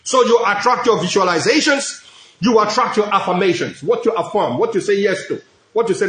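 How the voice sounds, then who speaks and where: High pitched pastor preaching, repeats himself a lot, roomy echo. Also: male voice, animated, fairly quick, a bit bright. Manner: emphatic, repetitive preaching with frequent praise interjections. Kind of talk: sermon. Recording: echoey room.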